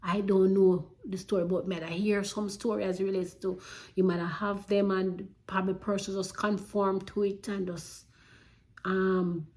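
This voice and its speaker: A woman's voice: mid-range voice, a little mellow. A woman with a Jamaican accent earnestly recounting a personal story, with emotion and Patois-flavoured speech.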